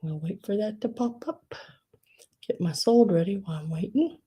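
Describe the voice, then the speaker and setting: A woman's voice: medium pitch, lively intonation, normal speed, warm tone, slight background noise. A middle-aged woman hosting a live online sale, gushing over collectible figurines and reading out bids in a chatty way. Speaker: live online auction seller. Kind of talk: live-stream sale chat.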